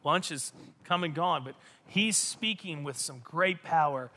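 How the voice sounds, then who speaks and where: A male pastor preaching a sermon in an animated, emphatic way, often repeating his phrases. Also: a little high, unhurried, big-room sound.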